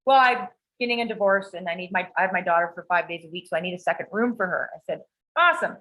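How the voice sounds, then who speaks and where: Over a video call with poor audio, a podcast co-host with a fairly low voice talks fast as she tells a story. She's casual, profane and animated, performing the quoted lines of each person involved.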